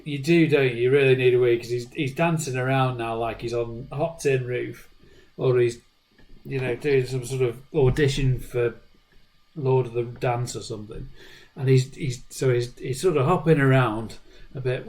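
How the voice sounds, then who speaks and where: A man co-hosting a podcast, telling animated stories in casual chat. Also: mid-range voice, moderate pace, low-quality recording. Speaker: podcast co-host.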